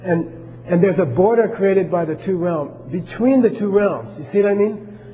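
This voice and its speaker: A man's voice: sits high, normal speed, in a large hall, lo-fi sound. A man teaching a class on Buddhism, talking casually and asking his listeners questions as he goes.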